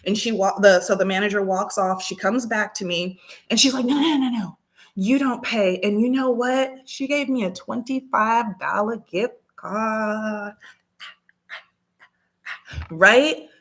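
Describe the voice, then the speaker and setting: A woman vlogger telling a story casually, acting out the dialogue with lively energy. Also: medium pitch, a little slow. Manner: animated, acts out dialogue.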